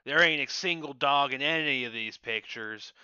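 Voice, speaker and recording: A man's voice: mid-range voice, moderate pace, pushed and bright, clean tone, no room sound, lo-fi sound. A man performing an improvised comedy scene, shifting from mock-formal politeness to brash defiance.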